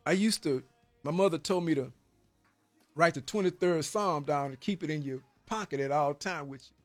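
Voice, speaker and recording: Over faint background music in a dry recording, a man with a fairly high voice recounts his prison years as a faith testimony at a moderate pace. He's earnest and emphatic, peppering his speech with "man" and repeating words when moved, in a preacher-like cadence.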